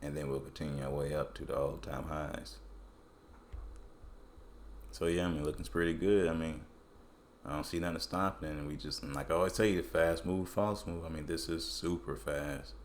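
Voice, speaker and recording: A man's voice: a bass voice, a little fast, a little hiss or hum. A man casually talking through crypto price charts in loose, colloquial speech. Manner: relaxed, colloquial, loose phrasing. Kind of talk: casual screen-recorded chart analysis.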